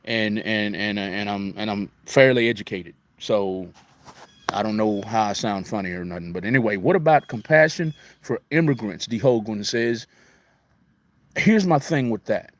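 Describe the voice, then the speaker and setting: A man's voice: on the low side, normal speed, a little hiss or hum. A middle-aged man hosting a casual live talk, answering comments in an emphatic, repetitive, preachy way, with a mix of city and country speech. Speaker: radio host answering viewer comments.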